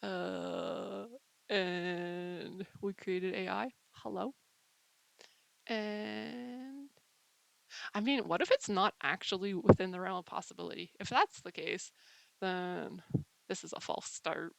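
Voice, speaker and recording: A woman hosts a casual, rambling monologue with a playful, mock-dramatic streak. She talks at an unhurried pace with a gravelly rasp. The sound is dry and close. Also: medium pitch, fairly even intonation, no echo, low-quality recording. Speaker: channel host.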